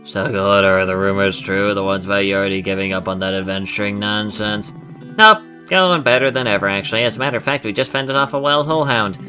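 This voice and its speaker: A man's voice: lowish voice, fast, bright, forceful tone, soft background music. A man doing breezy young adventurer Galata. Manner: breezy, encouraging.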